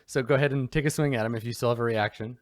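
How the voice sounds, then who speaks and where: Guy game-mastering a tabletop session, mid pitch, dry close sound, lots of ums. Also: fairly even intonation, rapid-fire, no room sound. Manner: casual, many fillers, descriptive.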